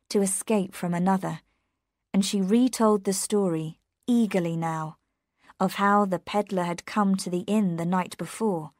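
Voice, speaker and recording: A woman narrating an audiobook for English learners, reading slowly, carefully and in a measured way. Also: mid-range voice, fairly even intonation, darkish tone, no echo, clean studio sound.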